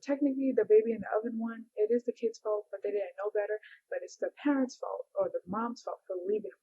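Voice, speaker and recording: A woman's voice: mid-range voice, husky. Young woman in a dull lo-fi vlog. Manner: exclaims often, drops into hushed whispers. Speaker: YouTuber reacting to a video. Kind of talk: emotional reaction commentary. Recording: dull lo-fi recording.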